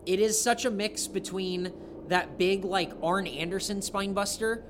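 A man's voice: sits high, fairly even intonation, background noise. A man co-hosting a podcast, recapping wrestling in casual chat, enthusiastic, swears a lot, teases his co-host. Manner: enthusiastic, profane, quick to tease.

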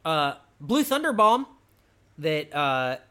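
Bright-voiced man recapping wrestling casually. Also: a little high, very animated, takes it slowly, clear, resonant tone. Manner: enthusiastic, rambling, laughs often. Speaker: podcast co-host.

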